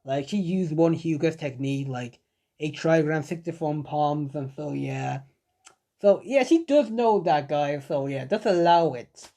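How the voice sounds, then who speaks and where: A man's voice: on the high side, lively intonation, unhurried, warm tone. A man narrating a fan-made story casually, rambling with lots of fillers and talking to his viewers.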